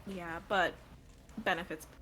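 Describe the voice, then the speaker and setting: Lower bright-voiced woman player. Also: fairly even intonation, a little slow. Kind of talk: tabletop role-play chat.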